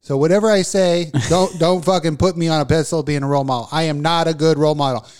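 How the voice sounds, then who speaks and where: A slightly high-voiced man rants through a casual radio talk show, swearing freely as he co-hosts. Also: steady tone, quick pace, darkish tone, clear, resonant tone. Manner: profane, impassioned ranting. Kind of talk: casual podcast chat.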